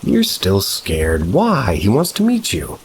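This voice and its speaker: A man's voice: fairly low pitch, huge pitch swings, takes it slowly, noisy background, voice pushed up, heavily acted. A man voicing an eerie young woman who talks in a dreamy, childlike, sing-song way, in a spoken horror story. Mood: eerie playful.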